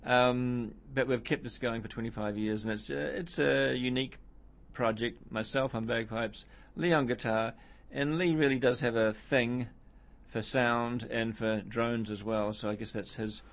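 A middle-aged man with a mid-pitched voice chats as a guest, rambling loosely through anecdotes. He fills his talk with ums and uhs and laughs at himself. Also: fairly even intonation, measured pace, hardly any pauses. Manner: rambling storyteller, self-deprecating, many fillers. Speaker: musician guest. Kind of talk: casual interview chat.

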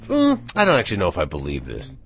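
A man hosting a live radio show in a studio, rambling and thinking out loud into the microphone. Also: low voice, huge pitch swings, fast talker. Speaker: radio DJ and host. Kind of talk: casual live radio chat.

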